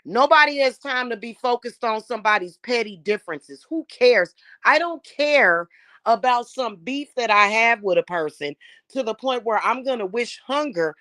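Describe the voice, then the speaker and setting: A woman's voice: fairly high pitch, a bit bright, no echo. A woman, talking casually to her viewers, emphatic and emotional, often repeating words as she builds up steam. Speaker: spiritual channel host.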